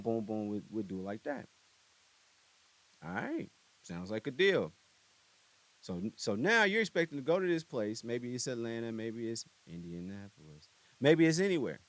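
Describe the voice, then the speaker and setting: Young guy doing a podcast in the studio, loose slangy rambling storytelling, mid pitch. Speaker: podcast host. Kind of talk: casual commentary.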